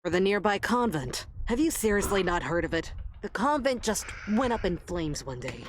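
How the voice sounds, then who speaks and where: An actress playing a worldly hotel maid who gossips knowingly to a new coworker in a video game. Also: female voice, medium pitch, sing-song, moderate pace, slight background noise, lightly acted. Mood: gossipy. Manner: gossipy, knowing, drops to confiding tones.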